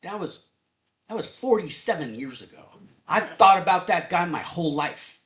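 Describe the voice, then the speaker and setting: A man in his fifties telling a personal story at a live storytelling event, conversational and animated. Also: sits high, moderate pace. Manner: animated, conversational, acts out voices.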